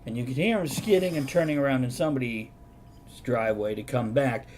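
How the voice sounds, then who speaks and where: Sarcastic male streamer host, mid pitch, faint rumble behind. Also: a little fast, darkish tone. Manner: sarcastic, mock-documentary storytelling. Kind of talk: casual chat on a live stream.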